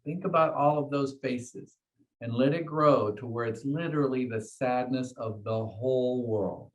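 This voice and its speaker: A man's voice: mid-range voice, measured pace, rough recording. A man leading a meditation class, explaining ideas to his students in a conversational way and often checking in with "okay?" and "right?". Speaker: meditation teacher.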